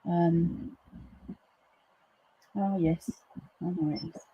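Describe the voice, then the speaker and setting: A woman hosting a live crafting stream, chatting casually and acting out quotes in a lively way. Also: very slow, breathy edge, dry recording, muffled recording. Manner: chatty storyteller, acts out quotes with big pitch jumps. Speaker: crafting livestream host. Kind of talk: casual chat to live viewers.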